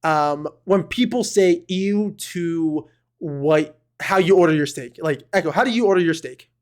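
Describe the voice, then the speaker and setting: A man's voice: on the high side, a little slow. A man co-hosting a podcast in casual chat, rambling with fillers and flaring into mock outrage. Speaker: podcast co-host.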